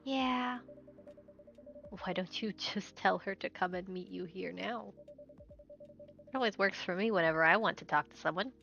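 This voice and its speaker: A woman's voice: mid-range voice, normal speed, gravelly, long pauses, fairly bright tone, lo-fi sound, a little hiss or hum. Woman voicing a chatty, curious café regular. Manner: teasing, inquisitive.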